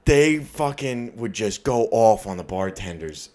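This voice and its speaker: A man with a New York accent tells rowdy stories from his college bar days in a loose, profane podcast chat. His voice sits fairly low, and he slips into the voices of shouting drunks and bartenders. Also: a little slow. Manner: profane, animated storyteller, acts out rowdy drunks. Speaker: podcast co-host. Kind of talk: casual storytelling chat.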